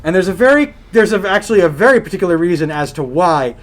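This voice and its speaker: A man co-hosting a casual gaming podcast, talking in an animated, jokey way and swearing now and then. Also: high-pitched, fast. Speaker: podcast co-host.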